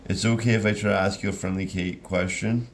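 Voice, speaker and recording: A man voicing a gentle, curious young woman traveler in a storybook reading, talking in a soft, hesitant, kindly way. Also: deep voice, fairly even intonation, fairly quick, a little hiss or hum, voice pushed up.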